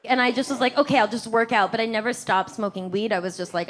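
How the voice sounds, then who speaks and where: Female comic, raised pitch, frantic rambling delivery, swings into manic inner monologue. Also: fast, noisy background. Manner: rambling, acting out her own frantic inner voice. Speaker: stand-up comedian. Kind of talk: stand-up routine.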